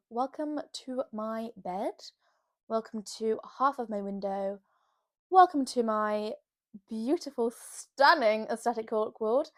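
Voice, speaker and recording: A young woman, chatting to camera from her bed in a bubbly, rambling, self-mocking way. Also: fairly high pitch. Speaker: vlogger. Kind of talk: casual chat to camera. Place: bedroom, sitting on her bed.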